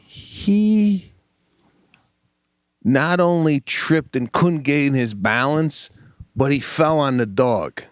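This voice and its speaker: A man co-hosting a podcast, telling a story in a lively, animated way and slipping into the voices of the people in it. His voice sits fairly high and swings widely in pitch. The sound is dry and close to the mic. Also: slow, long pauses, clear, resonant tone, dry recording. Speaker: podcast co-host. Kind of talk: casual podcast chat.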